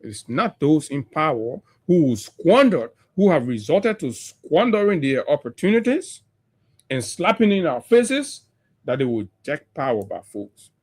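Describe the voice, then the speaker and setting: A man's voice: a little high, big pitch swings, a little slow, husky. A man with a Liberian English accent, hosting a radio morning show and giving impassioned, mocking political commentary full of rhetorical questions.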